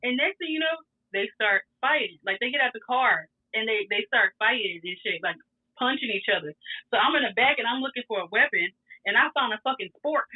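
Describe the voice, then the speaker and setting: A young woman telling a story in casual chat, animated and profane, laughing as she goes. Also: on the high side, a little fast, breathy edge. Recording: tinny phone-like sound.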